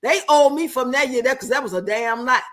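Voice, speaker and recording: An older woman hosting a livestream in casual chat, brassy and animated, often laughing, with speech. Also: sits high, a little fast. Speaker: livestream host.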